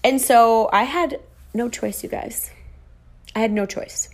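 A woman's voice: on the high side, takes it slowly. A young adult woman telling a story casually to viewers in a self-mocking way, acting out her own quoted lines. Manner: animated, self-mocking, acts out quoted dialogue.

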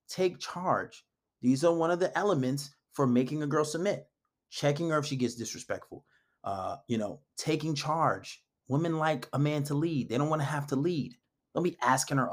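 A man's voice: on the high side, animated, a little fast, a little mellow. A man giving dating advice in a casual monologue, blunt and emphatic, often acting out quoted dialogue. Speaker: dating coach.

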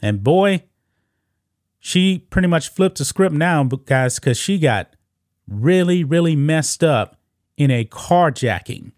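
A man's voice: fairly high pitch, lively intonation, takes it slowly, a little mellow, no room sound, clean studio sound. A man hosting casual political commentary, talking straight to viewers as guys and scoffing as he reads news quotes. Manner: talks straight to viewers, calls them guys.

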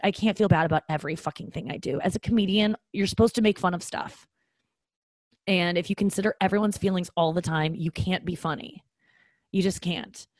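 A woman's voice: on the low side, darkish tone, no echo. A woman in her thirties, a comedian hosting her own podcast, talking in a candid, rambling, self-deprecating way with some swearing. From American. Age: 30s. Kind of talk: casual solo podcast monologue.

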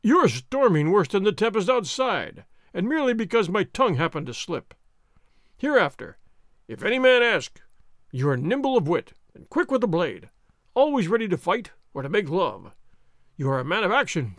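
A man reading aloud, voicing a loud, boastful soldier who bursts out in boisterous shouts. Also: high-pitched, very animated, moderate pace, dry recording, clean studio sound, heavily acted. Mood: blustering.

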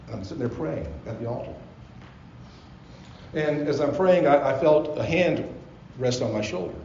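Male pastor, mid pitch, earnest storytelling sermon, roomy church recording. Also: lively intonation, moderate pace, a little mellow, a little hiss or hum. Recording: roomy, slightly dull live sermon recording.

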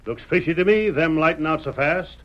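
A man's voice: fairly high pitch, lively intonation, fairly quick, natural voice. A man playing a folksy old ranch hand. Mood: excited. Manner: folksy country exclamations. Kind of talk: 1930s radio drama acting. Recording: muffled old radio recording.

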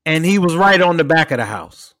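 A young adult man casually telling a story as podcast co-host, animated, swearing freely and acting out the people and cat sounds in it. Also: fairly high pitch, a little fast, no room sound. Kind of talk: casual chat.

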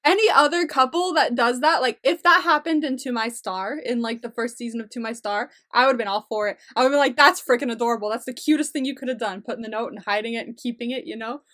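A young woman with a high voice chats on a casual podcast, loud and quick to laugh. She voices mock outrage and breaks into giggles mid-sentence. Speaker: podcast co-host. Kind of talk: casual recap chat.

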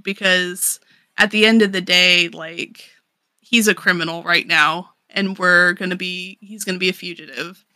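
Here is a woman chatting casually on a podcast, her voice bright and forceful. She runs through a story full of "like" fillers and swearing, tossing off the characters' lines in her own voice. The recording is dry and close, with no room sound. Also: fairly low pitch, no room sound. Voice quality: casual, swearing, lots of "like" fillers, acts out characters in quick paraphrase. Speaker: podcast co-host. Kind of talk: casual chat recapping a manga.

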